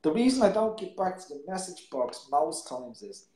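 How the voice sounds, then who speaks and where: A man's voice: a little high, sing-song, moderate pace, mellow. A man hosts a live poetry show, talking casually and at length. He rambles, stumbling over and repeating his words as he goes. The sound is roomy, with a noticeable echo. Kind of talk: casual live-stream chat.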